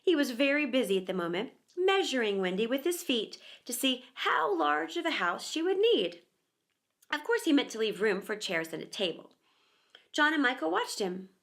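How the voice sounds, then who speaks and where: A woman narrating a children's book aloud with expressive, animated storytelling. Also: sits high, normal speed. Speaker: storyteller, actor and teacher.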